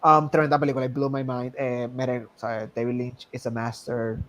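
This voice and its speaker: A man's voice: mid-range voice, level tone. A Puerto Rican man co-hosting a podcast, talking casually about films and switching between Spanish and English as he jokes. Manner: switches between Spanish and English mid-sentence, quick and joking. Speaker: podcast co-host. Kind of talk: casual film chat.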